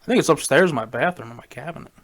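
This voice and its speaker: A man with an expressive, fairly bright voice on the high side co-hosts a podcast in casual chat. He talks fast, loose, and slangy, constantly throwing in "bro" and "man."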